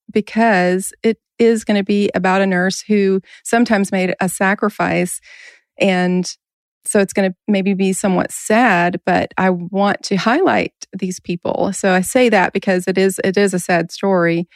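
Woman podcast host, bit gravelly, lowish voice, dry close sound, chatty and laughs a lot. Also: no echo. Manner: laughs often, chatty and earnest. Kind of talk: casual podcast chat.

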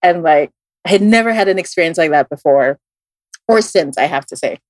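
A woman with a fairly low voice tells a story in a loose, chatty way, with plenty of "like" fillers. She reads tarot, and the recording is close and dry with no room sound. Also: fairly quick, no room sound. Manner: animated, frequent "like" fillers. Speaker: tarot reader telling a story. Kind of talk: casual storytelling.

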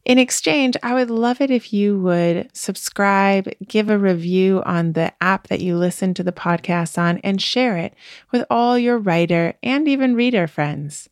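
Woman podcast host, bit hoarse, chatty and upbeat, mid pitch. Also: measured pace, no echo, clean studio sound. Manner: chatty, upbeat, laughs easily. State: slightly losing her voice. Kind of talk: casual podcast chat.

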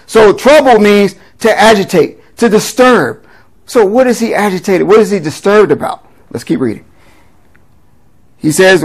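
Male pastor, middle-aged, light high voice; conversational Bible teaching. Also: expressive, unhurried, poor audio. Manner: conversational teaching with frequent rhetorical "right?" questions. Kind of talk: sermon, reading and explaining scripture.

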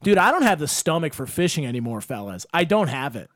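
A young man hosting a podcast, telling animated stories with lots of swearing and acted-out quotes. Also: fairly high pitch, quick pace, no echo, studio quality. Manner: animated storyteller, swears freely, acts out quotes. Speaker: podcast host. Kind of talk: casual chat.

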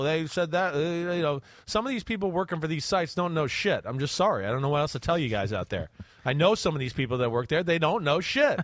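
A man's voice: fairly high pitch, fairly bright tone, no room sound, clean studio sound. A man co-hosting a football podcast, talking bluntly and emphatically, swearing and hammering points home. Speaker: podcast co-host, draft analyst. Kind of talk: casual football podcast chat.

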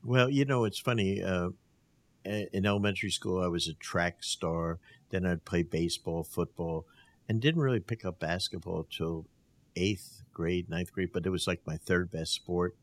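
Low-voiced older man telling stories. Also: normal speed. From New Jersey. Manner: animated storyteller who acts out quotes, laughs often. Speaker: guest, basketball coach. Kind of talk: casual storytelling interview.

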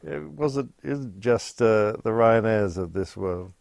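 A man interviews his guest in a chatty, agreeable manner. His voice is low and gravelly with plenty of fry. The recording is dry and close. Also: expressive, slow pace, darkish tone, no room sound. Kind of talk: conversational interview.

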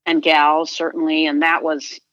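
A woman's voice: low voice, little pitch movement, unhurried, a bit bright, no echo, highs cut off. A middle-aged woman guest, a sports agent, talking earnestly and reflectively in an interview, often restarting her sentences. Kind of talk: conversational interview.

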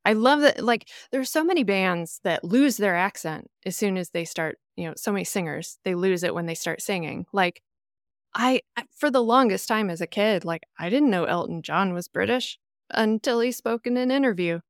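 Chatting casually as a podcast guest, a woman from the American Midwest tells animated stories and acts out the voices of people she quotes. She has a medium-pitched voice at a moderate pace. The recording is dry and clean, studio quality.

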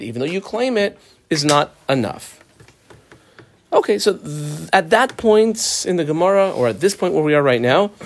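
A man walks through a text line by line in a lively teaching voice that rises and falls a great deal. His pitch sits a little high for a man, and he slips into the voices of the people in the case as he explains it. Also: slight background noise. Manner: animated, acts out claimants' voices. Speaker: Talmud teacher. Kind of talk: line-by-line text study lesson.

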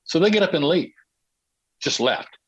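A man, a podcast guest, telling a long anecdote in a lively way and laughing through his own tale. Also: a little high, normal speed, breathy edge, no echo, lo-fi sound. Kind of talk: anecdotal storytelling.

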